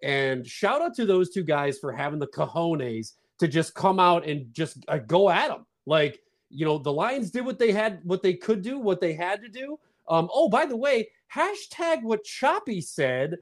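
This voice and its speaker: A man rants on a casual fan podcast. He is fired up, swinging between low, muttered complaints and loud bursts. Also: expressive, a little slow, hardly any pauses. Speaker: podcast co-host.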